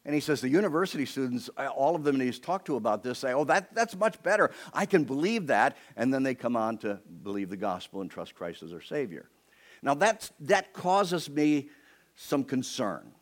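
A man's voice: mid-range voice, animated, moderate pace. A male pastor delivers a sermon to his congregation, weaving a personal story into the lesson. His voice sits in an ordinary middle range, and he slips into voices for the people he describes.

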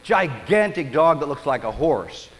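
Lively preacher in a big hall. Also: male voice, fairly high pitch. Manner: storytelling, animated preaching with dramatic pauses. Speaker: pastor. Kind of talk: sermon.

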